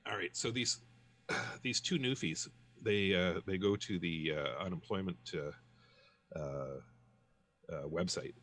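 A man's voice: deep voice, slow pace, fairly bright tone. A man co-hosting a casual podcast chat, rambling and telling jokes with many restarts. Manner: joke-telling. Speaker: podcast co-host.

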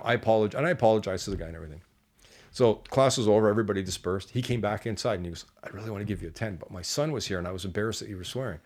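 A man, a guest on an interview show, telling lively casual anecdotes and acting out the people in them. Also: on the low side. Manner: animated anecdotes, acts out quoted people. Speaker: entrepreneur guest.

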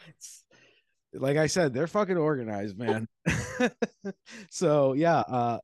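A man talks in a loose, rambling podcast chat, wry and quick to laugh, his voice often dropping away at the end of a thought. The sound is close and dry, with no room around it. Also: mid-range voice, sing-song, a little mellow, dry recording.

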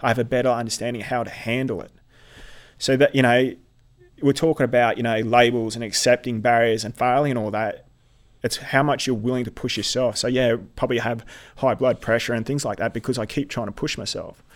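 A man's voice: medium pitch, fairly even intonation. Middle-aged aussie guy, earnest and stop-start, ordinary mid voice. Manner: earnest, halting, with repeated restarts. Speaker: military veteran guest. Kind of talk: personal storytelling in conversation.

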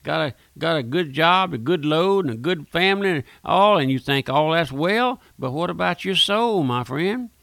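A man's voice: a little high, lively intonation, moderate pace, gravelly, hardly any pauses, a bit bright, dry recording. A man preaching a fervent radio sermon, pleading with listeners and often calling them "my friend". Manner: pleading, repeats "my friend", addresses listeners directly. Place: radio studio.

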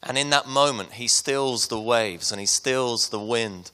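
A man preaching a sermon to his congregation, retelling a Bible story and then speaking softly and personally to the listeners. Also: mid-range voice, a little slow, clear, resonant tone. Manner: storytelling preacher, soft and intimate at the close. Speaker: pastor.

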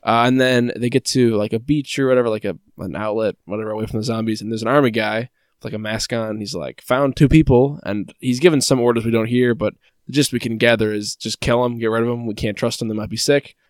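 A man co-hosting a podcast, recapping in a relaxed, wry way and slipping in deadpan jokes. His pitch sits in the middle of the range, and the recording is dry and close. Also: brisk, smooth, no echo. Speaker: podcast co-host. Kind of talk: casual podcast chat, recapping a show.

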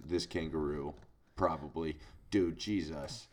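Low-voiced wry podcast man. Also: animated, normal speed. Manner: wry, reads news headlines aloud. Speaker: podcast co-host. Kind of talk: casual chat.

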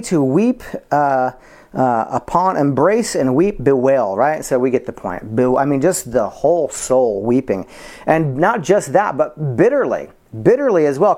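A pastor preaches a sermon, putting rhetorical questions to the congregation and explaining what words mean. He repeats key words for emphasis, his voice dropping to soft low tones and then rising high.

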